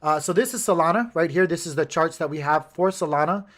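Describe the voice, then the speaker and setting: A man's voice: fairly high pitch, fast, fairly bright tone. A man hosting a casual livestream, rambling through charts, talking to his chat and muttering to himself when his gear acts up. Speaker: crypto livestream host.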